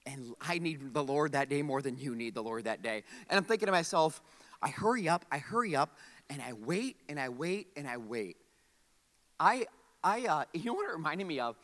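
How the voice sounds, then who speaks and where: A man in his forties preaching a humorous sermon, telling a story with comic frustration and quick asides to the audience. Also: a little high, sing-song, a bit bright, long reverb tail. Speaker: pastor. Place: large church hall.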